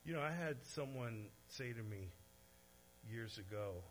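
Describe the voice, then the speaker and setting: A male pastor preaching in a mid-pitched voice, animated and shifting between hushed and forceful passages. He drops into casual asides to his congregation. A faint hum runs underneath. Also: measured pace, rough recording. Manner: animated preaching, swinging from soft to loud; conversational asides to the audience. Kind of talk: sermon.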